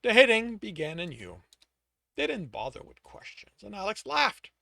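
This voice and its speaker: Gravelly man reading his own novel. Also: high-pitched, wildly swooping pitch, moderate pace, bright, forceful tone, no room sound. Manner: self-correcting as he reads. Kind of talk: audiobook-style reading aloud.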